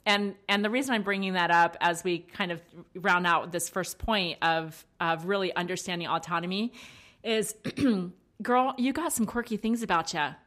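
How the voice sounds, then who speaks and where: A woman's voice: lowish voice, normal speed, a bit bright. A young adult woman co-hosting a podcast in casual chat, laughing and giggling often as she talks. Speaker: podcast co-host.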